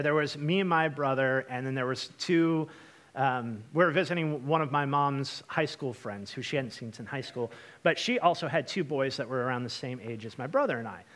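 A young man from Washington state preaching a storytelling sermon, chatty and lively, with lots of fillers and asides to the congregation. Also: mid-range voice, normal speed. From Washington state, USA. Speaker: pastor.

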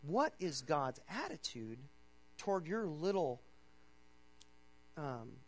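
This sermon comes from a pastor who talks casually, peppering his words with "okay?" as he goes. His voice rises and falls widely in pitch, swinging from emphatic, loud reading to low, gentle urging, all at a slow pace on a rough recording.

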